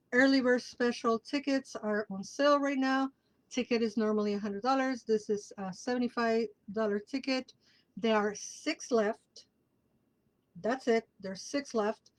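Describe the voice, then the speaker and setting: A woman hosts a casual live tarot reading, speaking slowly in a slightly high voice. She stresses key words by repeating them and laughs between lines. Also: poor audio. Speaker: tarot reader and show host.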